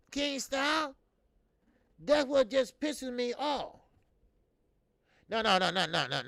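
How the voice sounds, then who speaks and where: A man in his fifties hosting a boxing talk show, swearing freely and rambling with many fillers, jumping between loud emphatic bursts and low mutters. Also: creaky, no echo. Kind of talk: casual opinionated commentary.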